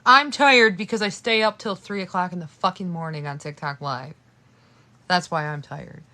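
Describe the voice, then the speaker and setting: A live streamer, a sleepy young woman, chats late at night from bed in her bedroom on her phone, rambling and swearing in a casual way. Her voice is on the low side and bright, with a forceful tone at normal speed.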